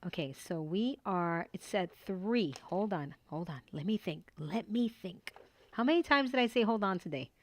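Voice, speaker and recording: A middle-aged woman hosting a papercraft tutorial, chatting casually and excitedly while she works and talking herself through each step at her desk at home. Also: medium pitch, moderate pace, dry recording. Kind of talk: casual crafting tutorial chat.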